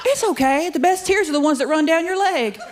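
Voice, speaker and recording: A woman's voice: very high-pitched, expressive, brisk, very noisy. Sassy middle-aged woman doing stand-up. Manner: sassy, self-deprecating, chatty with the crowd. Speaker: stand-up comedian. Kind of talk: stand-up comedy set. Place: comedy club studio with live audience.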